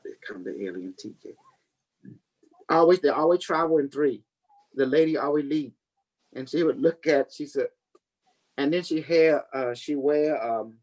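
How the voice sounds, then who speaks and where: A man's voice: medium pitch, a little mellow, rough recording. A man hosting a casual teaching talk for his community. He rambles, repeats words and laughs often. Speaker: community leader and host.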